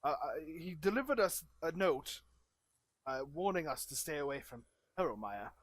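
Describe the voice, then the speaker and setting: A fussy, formal old wizard, played by a man at a tabletop game, his voice sitting a little high. He talks in a stiff, courtly way and keeps stalling and restarting mid-sentence. It's an everyday voice, with nothing much put on. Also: very animated, no room sound. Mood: grave. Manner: stiff, formal and hesitant, halting. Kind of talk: tabletop role-play in character.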